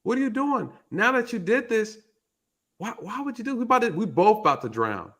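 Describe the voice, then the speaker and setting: A man's voice: high-pitched, very animated, fairly quick, sharp tone, voice pushed up, exaggerated voice. A man voicing a streetwise, wary male frog in a fable, talking in laid-back slang. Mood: alarmed.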